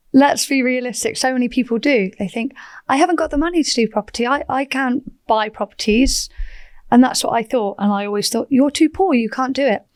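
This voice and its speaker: A woman, chatting as a podcast guest, animated and quick to laugh. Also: high-pitched, dry recording. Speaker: podcast guest, property entrepreneur. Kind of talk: casual interview chat.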